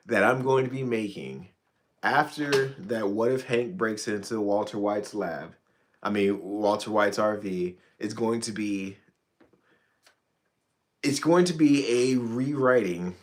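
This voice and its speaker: A man hosting a casual livestream, ranting in a profane, rambling way with frequent stammered restarts. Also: fairly low pitch. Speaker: channel host.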